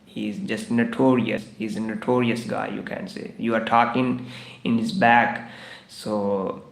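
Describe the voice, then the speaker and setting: A man's voice: fairly low pitch, flat delivery, a little slow, gravelly, echoey room. A man teaching English idioms on a live stream, repeating each phrase several times in broken English. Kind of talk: livestreamed English idiom lesson. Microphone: live stream microphone.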